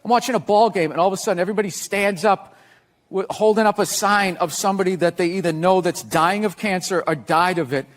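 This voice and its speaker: A man's voice: sits high, fairly even intonation, fairly quick, a little hiss or hum. Exasperated man telling a wry story. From United States. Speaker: comedian. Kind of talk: casual comedic chat.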